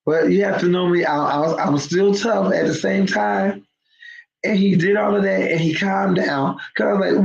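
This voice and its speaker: Host: woman with a gravelly edge, emphatic storyteller, roomy dull lo-fi recording. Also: mid-range voice, fairly even intonation, normal speed. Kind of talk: storytelling talk to viewers.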